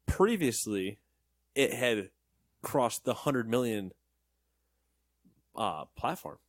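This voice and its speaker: A man's voice: mid-range voice, no room sound, studio quality. A man co-hosting a gaming news show, reading headlines and joking around in casual banter. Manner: joking, animated, quick asides.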